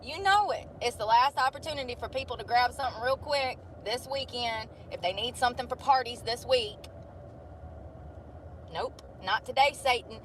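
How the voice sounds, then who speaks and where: A woman's voice: a little high, normal speed. A woman in her thirties chatting casually on a vlog, blunt and rambling, swearing freely as she tells stories. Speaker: vlogger. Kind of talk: casual chat. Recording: noisy outdoor street ambience.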